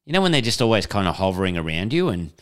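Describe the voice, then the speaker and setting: A laid-back man co-hosts a casual podcast chat. His voice is lowish and smooth. He reacts with short, profane remarks. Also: very animated, rapid-fire, fairly bright tone. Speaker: podcast co-host.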